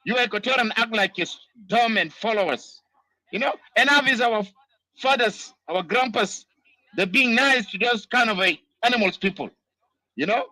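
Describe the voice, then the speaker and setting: A man's voice: high voice, normal speed, sharp tone, dry recording, rough recording. A man from Sudan, delivering an angry, impassioned political monologue full of repeated "you know"s. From South Sudan. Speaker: diaspora political commentator.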